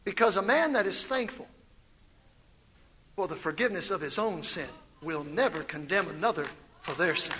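A man preaching a fiery sermon as pastor, building from quiet reading to shouted calls. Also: high voice, animated, moderate pace, slightly rough.

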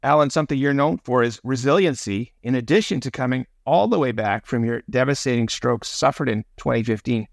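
A man hosting an interview, asking measured, prepared questions. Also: mid-range voice, gravelly, no room sound. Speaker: podcast host.

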